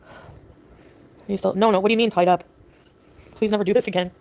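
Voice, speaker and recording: A woman from Canada livestreaming, venting quietly and talking to her chat. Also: mid-range voice, steady tone, quick pace, gravelly. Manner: subdued, venting, talks to chat.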